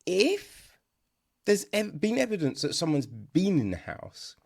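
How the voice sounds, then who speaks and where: A podcast host reviewing a film in casual, sarcastic chat, often checking in with "right?" The voice is gravelly, and the pitch swings widely. Speech comes at an unhurried pace. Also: big pitch swings, darkish tone. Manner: conversational, keeps asking "right?", restarts often; sarcastic, mocks dialogue in exaggerated voices.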